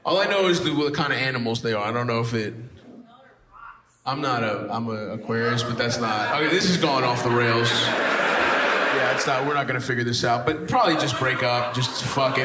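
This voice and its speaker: Guy doing crowd work on stage, profane and teasing, roomy club sound with a loud audience behind. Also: mid-range voice, very noisy. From United States. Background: audience laughter.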